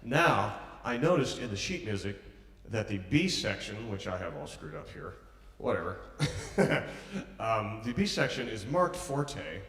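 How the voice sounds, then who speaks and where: A man's voice: lowish voice, animated, measured pace, creaky, a bit bright. A man coaching a pianist in a master class, encouraging and humming or counting the phrases aloud as they play. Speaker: piano master class teacher. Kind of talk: coaching a pianist through a piece. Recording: echoey hall from far off, piano playing.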